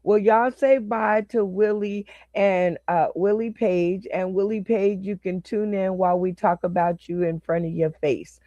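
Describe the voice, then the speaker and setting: A man's voice: sits high, steady tone, measured pace, hardly any pauses, warm tone, no room sound. A man hosting a comedy game show over a video call, laid-back and chuckling. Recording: dry, dull lo-fi stream audio.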